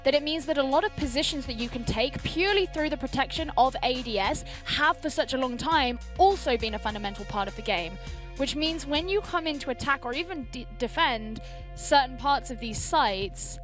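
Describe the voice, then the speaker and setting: Posh british woman, esports caster, high bright-sounding pitch, articulate analysis. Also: expressive, over music. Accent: posh southern British. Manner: articulate, analytical, quick to laugh. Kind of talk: casual play-by-play commentary.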